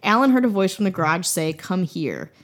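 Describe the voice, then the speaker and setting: A woman's voice: mid-range voice, expressive, quick pace. A young woman from Wisconsin tells a spooky local tale in a loose, chatty podcast style. She keeps breaking into jokes and laughs while she tells it. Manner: playful, jokey, laughs often. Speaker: podcast host. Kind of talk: casual storytelling chat.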